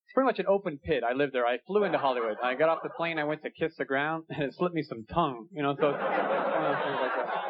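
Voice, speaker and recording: Young male stand-up comic, high-ish voice, animated delivery, old hissy lo-fi tape. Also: fast talker. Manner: animated, acts out a fight story with rising shouts. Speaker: stand-up comedian. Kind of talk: stand-up comedy set. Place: comedy club stage. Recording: dull lo-fi VHS tape with loud hiss. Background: audience laughter and crowd noise.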